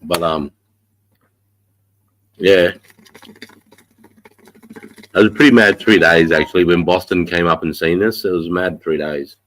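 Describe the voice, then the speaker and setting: A man hosting a casual livestream chat, stuffed up from a head cold, swearing freely and clearing his throat often. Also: low-pitched, fairly even intonation, slow pace, long pauses, fairly bright tone, poor audio. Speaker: livestream host.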